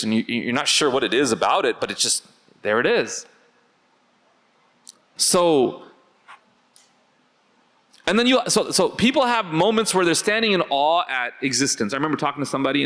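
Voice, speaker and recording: Animated man teaching a class. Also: on the high side. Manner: animated, rhetorical questions to the audience. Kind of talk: conversational religious class talk.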